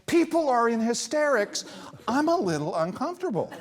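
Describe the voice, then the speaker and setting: Lively, high-voiced man telling a story. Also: a little fast, crowd noise. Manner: animated, acts out quotes with big pitch swings. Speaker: composer and performer, guest. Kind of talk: storytelling in a live interview. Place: live event with an audience.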